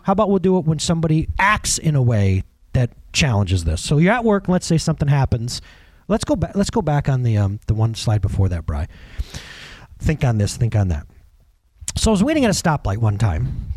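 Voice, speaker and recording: A male preacher with a high, lively voice that swings all over as he tells stories from the pulpit. He talks in a casual, animated way, acts out the people in his tales and chuckles often. The sound is close and dry. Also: no echo. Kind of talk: conversational sermon with personal stories.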